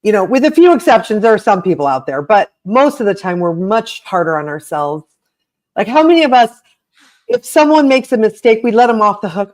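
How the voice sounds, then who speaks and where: A woman's voice: mid-range voice, very animated, a little fast. A woman co-hosting a podcast, talking conversationally and affirming her guest's ideas. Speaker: podcast co-host.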